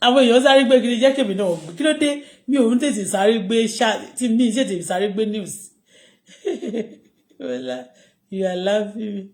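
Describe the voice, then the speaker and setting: A woman's voice: on the high side, fast, a little mellow, rough recording. Chatty Nigerian Yoruba woman streaming live. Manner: chatty, switching between English and Yoruba, chuckling asides. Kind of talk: casual live-stream chat. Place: home in Canada.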